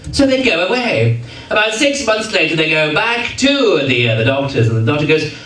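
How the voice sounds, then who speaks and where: A sharp, high, sing-song voice moves fairly quickly with few pauses, over a little hiss or hum. This entertainer teases and chats with his audience in a function hall, recorded from afar with the hall's roomy echo and the crowd.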